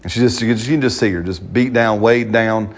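A man preaching a sermon in church, stretching out scripture lines and punctuating them with amens. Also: fairly low pitch. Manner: fervent preaching, slow drawn-out stress on scripture, frequent amens. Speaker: pastor. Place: church service.

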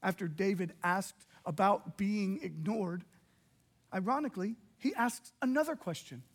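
A middle-aged man preaches as a pastor, his voice riding high. He is animated and openly emotional, slipping into quick acted-out exchanges as he goes. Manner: animated, emotional, acts out little dialogues. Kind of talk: sermon.

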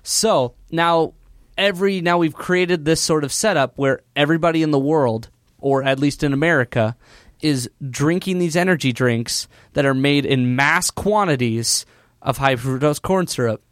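A man on a podcast casually recapping a movie's plot, telling it loosely with fillers and quick impressions. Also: fairly high pitch, fairly bright tone, dry recording, clean studio sound. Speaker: podcast co-host.

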